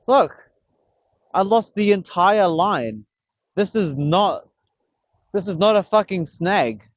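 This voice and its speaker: Excitable young man, dull dry audio. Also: sits high, takes it slowly, no room sound. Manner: excitable, swearing, slangy. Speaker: vlogger. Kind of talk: casual fishing vlog commentary. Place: outdoors on a beach by the water. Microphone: camera on a tripod.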